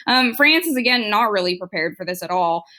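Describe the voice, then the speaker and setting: A young adult woman teaching a casual history lecture, chatty and acting out historical figures in quick quoted asides. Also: mid-range voice, lively intonation, sharp tone.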